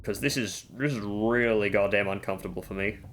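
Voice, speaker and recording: Gaming creator, male, deeper voice, easygoing commentary with self-deprecating asides over quiet game music. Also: fairly quick. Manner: chatty, explains game tips with offhand self-mocking jokes. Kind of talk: casual gameplay commentary. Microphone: desk microphone.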